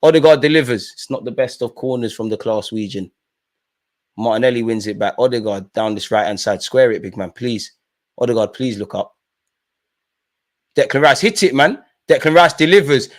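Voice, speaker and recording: A young man hosting a live football watch-along, commentating casually with slang and shouting at the referee. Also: mid-range voice, moderate pace.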